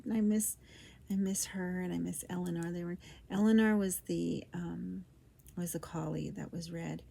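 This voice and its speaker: A middle-aged woman telling her own story in a low voice with a gravelly, creaky edge. She rambles and restarts, trailing off into soft, whispered asides as she reminisces. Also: fairly even intonation, normal speed. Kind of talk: personal storytime monologue.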